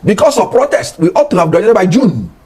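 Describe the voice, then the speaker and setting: A middle-aged Nigerian man speaking with an accent as a guest on a political talk show, passionate and rising toward shouting. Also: high voice, big pitch swings, a little fast, slightly rough. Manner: impassioned, rising to near shouting.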